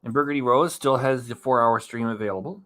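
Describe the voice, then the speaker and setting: A man's voice: medium pitch, fairly quick, fairly bright tone. Reaction-channel host, male, loose and talkative, frequent chuckles, ordinary mid voice. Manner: chatty, rambling, laughs often. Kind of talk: casual commentary while reacting.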